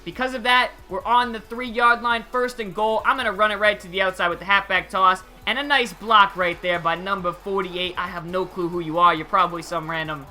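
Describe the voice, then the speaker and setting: A young man giving casual, excitable gameplay commentary over a football video game, using slang and chuckling often. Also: high-pitched, a little fast, few pauses. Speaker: gaming channel host.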